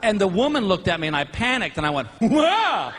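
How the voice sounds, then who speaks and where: Animated man telling stand-up stories. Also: high-pitched, quick pace. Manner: animated storytelling with loud whooping outbursts. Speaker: stand-up comedian. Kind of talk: stand-up comedy set. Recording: live show with audience noise.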